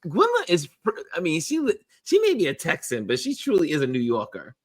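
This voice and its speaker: A man's voice: on the high side, wildly swooping pitch, fast. A man hosting a live online talk show, playful, reading viewer comments aloud. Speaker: host.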